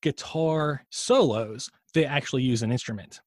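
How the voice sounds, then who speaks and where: A man's voice: mid-range voice, normal speed, darkish tone, no echo. Rambling, profane male podcast co-host. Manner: rambling, profane, admits his own tangents. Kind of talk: casual chat.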